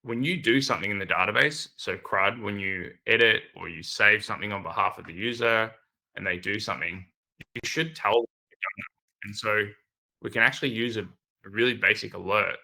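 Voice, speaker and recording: Gravelly, bright-voiced man giving a casual talk. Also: lowish voice, fairly quick, low-quality recording. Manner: relaxed, filler-heavy, upbeat slang. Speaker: conference speaker, product manager. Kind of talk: casual conference presentation.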